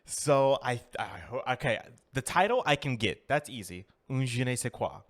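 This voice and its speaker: A man's voice: mid-range voice, animated. A man, co-hosting a casual podcast chat and often laughing. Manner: laughs a lot, reads aloud haltingly. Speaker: podcast co-host.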